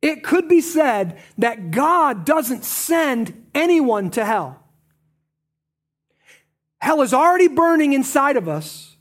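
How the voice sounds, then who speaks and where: A pastor preaching a sermon, moving between emphatic points and low, quiet stresses.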